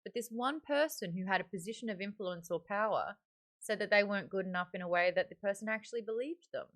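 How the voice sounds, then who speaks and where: A woman's voice: medium pitch, fast talker, fairly bright tone. An Australian woman hosting a live-streamed book club, chatting candidly with lots of fillers. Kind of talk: casual live-stream chat.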